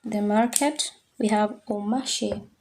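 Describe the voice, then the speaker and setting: A woman teaches at a board with a mellow, soft-edged voice. She speaks slowly and patiently, repeating each word so learners can follow along. Her delivery is unhurried and methodical. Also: mid-range voice, vocal fry. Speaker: French teacher. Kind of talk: slow classroom explanation at a board.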